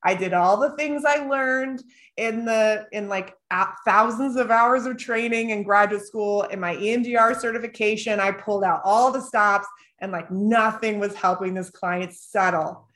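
A talkative woman co-hosting a podcast, speaking at an ordinary middle pitch. She laughs often and strings her thoughts together with plenty of "like" and "um." Her delivery is loose and conversational, like a therapist talking shop with peers. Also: moderate pace, fairly bright tone. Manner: chatty, laughs often, lots of "like". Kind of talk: casual chat.

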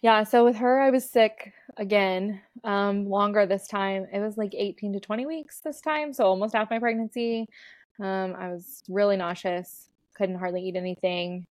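A woman's voice: mid-range voice, moderate pace, dry recording, clean studio sound. A woman in her thirties, a doula guest on a podcast, telling her birth story in a chatty way with frequent laughs and fillers. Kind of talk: casual storytelling interview.

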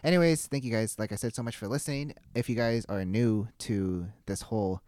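A man's voice: on the low side, a little fast, a little mellow, no echo, studio quality. A young man hosting a casual podcast, telling a story in loose rambling bursts and laughing often. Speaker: podcast host.

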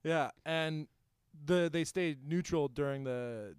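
A man's voice: a little high, slow pace, clean tone, dry recording, clean studio sound. A young man co-hosting a comedy podcast, rambling through a history story with lots of fillers and restarts. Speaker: podcast co-host telling the history. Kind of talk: casual comedic chat. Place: Houston.

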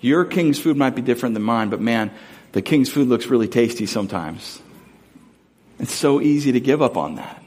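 A man in his thirties, a pastor preaching a conversational sermon, earnest and often asking the congregation questions. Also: mid-range voice.

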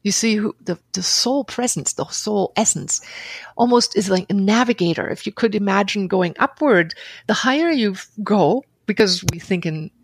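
A middle-aged woman, a guest on a podcast, telling a personal story in an animated way, laughing often and acting out her own inner dialogue. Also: medium pitch, normal speed, husky, no echo. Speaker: podcast guest, author and seminar leader.

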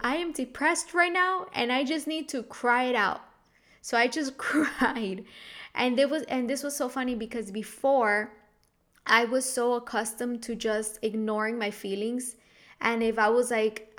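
A woman's voice: medium pitch, a bit bright. A young woman telling a personal story in a casual, confessional way, rambling and restarting her sentences often. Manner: open, confessional.

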